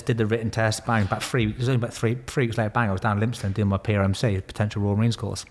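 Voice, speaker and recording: Bloke, low-ish voice, swears a lot telling old stories. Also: male voice, flat delivery, rapid-fire, few pauses, slight background noise. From Bristol, England. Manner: swears freely, laughs through stories. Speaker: podcast guest, former Royal Marine. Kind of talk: casual storytelling.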